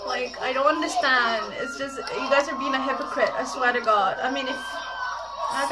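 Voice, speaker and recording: A woman's voice: high voice, a little fast, recorded from a distance, low-quality recording. A young woman at home, reacting emotionally to a video, exclaiming and blurting out her thoughts. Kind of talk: reaction vlog. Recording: loud concert music and crowd playing behind. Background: concert video with music and cheering crowd.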